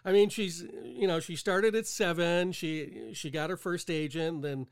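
A man's voice: a little high, unhurried. A man hosting an interview and coaching talent, asking leading questions and encouraging his guest. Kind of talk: casual interview chat.

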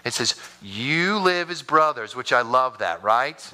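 Bright-voiced animated male pastor preaching. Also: unhurried. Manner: animated storytelling preacher with sudden high-pitched bursts. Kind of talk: sermon.

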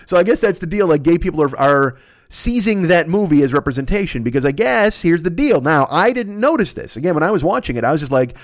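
Still getting over a cold, this podcaster trips through a profane, self-interrupting comic ramble. His voice is a little high and sing-song at a quick pace, captured in studio quality with no room sound.

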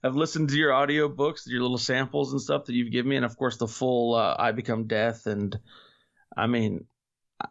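A man's voice: mid-range voice, fairly even intonation, moderate pace, creaky, fairly bright tone, lo-fi sound. A man guesting on a casual podcast speaks in an ordinary mid-range voice. He is playful and teasing, and keeps heaping praise on the host. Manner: playful, joking, effusive with praise.

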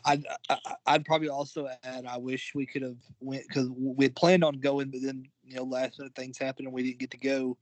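A man's voice: mid-range voice, little pitch movement, a little fast, hardly any pauses, no room sound. A man co-hosting a casual podcast chat, hesitant and restarting his sentences. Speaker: podcast co-host.

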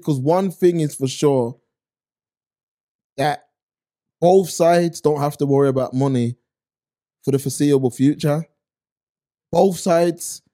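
Earnest man, mellow voice. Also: on the high side. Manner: questioning, earnest, repeats himself. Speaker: podcast co-host. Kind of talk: casual podcast chat.

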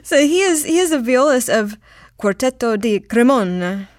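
A woman's voice: fairly high pitch, expressive, normal speed, dry recording, studio quality. A woman hosting a radio interview, friendly and curious, with an easy laugh. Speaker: host.

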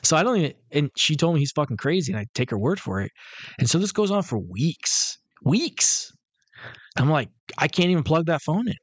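A man's voice: on the high side, sing-song, normal speed, dry recording. A man co-hosting a podcast, telling a rambling, profane story and acting out the quotes. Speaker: podcast co-host. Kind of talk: casual storytelling chat.

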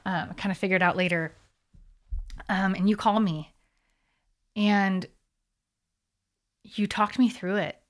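A woman at an ordinary, middle pitch tells a personal story in a casual chat. She talks in animated bursts and fills her sentences with likes and ums. She often stops and restarts a thought. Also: measured pace, pauses often.

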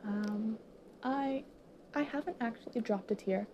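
A young woman in her late teens, still in high school, is choked up and teary as she speaks to viewers, her emotional monologue halting, full of pauses, and often sinking to whispers. Her tone is warm, though the recording is muffled with slight background noise.

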